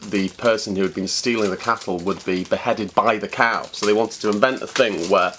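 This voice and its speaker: A man's voice: on the low side, a little fast, a bit bright, slight background noise. A man chatting casually and spinning dry, joking tall tales. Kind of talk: casual chat.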